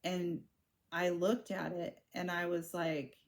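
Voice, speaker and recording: A woman in her forties telling her own story to camera in a candid, halting way, often restarting her sentences. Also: lowish voice, level tone. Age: 40s.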